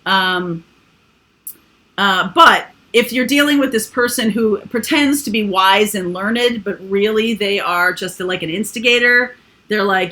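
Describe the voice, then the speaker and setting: Doing a relaxed tarot reading, a woman talks a little slowly in a bright, forceful mid-range voice. Her delivery rambles, loaded with chatty asides and frequent fillers.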